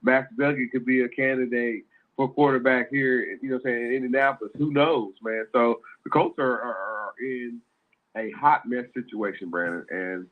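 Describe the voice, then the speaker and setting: A man co-hosting a sports podcast, heard through a thin, phone-like line. His pitch sits in the middle for a man, and he rambles in casual chat, circling back and restarting his sentences. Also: fairly even intonation, normal speed. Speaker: podcast co-host.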